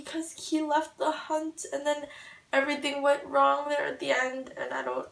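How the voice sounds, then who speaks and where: A young woman with a high voice gushes and rambles through a casual book reaction, leaning on "like" as she goes. She sits a little back from the camera mic, so her voice carries a roomy echo. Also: gravelly, recorded from a distance. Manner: rambling, emotional, gushing, lots of "like". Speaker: book vlogger. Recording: echoey room, voice a little off-mic.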